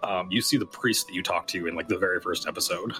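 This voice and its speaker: A man's voice: deep voice, fast, over loud music, low-quality recording. A man narrating as game master of a tabletop game, in a casual way with lots of fillers and restarts.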